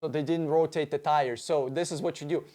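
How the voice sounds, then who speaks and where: Fairly quick and somewhat high-pitched, he hosts a casual stream fielding viewer questions, which he reads aloud. His responses are excitable, rambling, and full of swearing.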